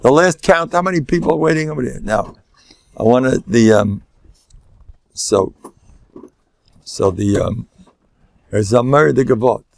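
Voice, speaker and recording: A man's voice: medium pitch, unhurried, vocal fry, pauses often. An older man, a rabbi teaching a class, lecturing live to an audience in a joking way and sprinkling in Yiddish and Hebrew terms.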